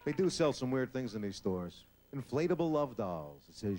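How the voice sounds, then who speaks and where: Man, stand-up comedian, brash and profane, lively swooping delivery, hissy VHS tape. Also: medium pitch, moderate pace. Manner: brash, profane, acts out voices. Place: comedy stage before a live audience.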